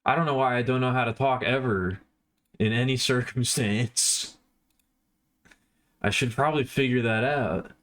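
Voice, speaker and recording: A man's voice: mid-range voice, moderate pace, long pauses, a bit bright. A man livestreaming, rambling casually and poking fun at himself while chatting with his viewers.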